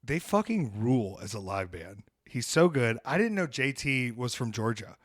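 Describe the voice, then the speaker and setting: A man hosting a podcast, telling a story in casual chat, animated and swearing freely as he acts out what people said. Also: mid-range voice, normal speed, dry recording, studio quality. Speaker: podcast host.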